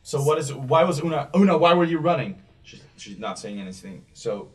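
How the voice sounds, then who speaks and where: A man narrating as game master, loose and full of fillers, breaking into loud character voices. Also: a little high, sing-song, fairly quick, distant mic.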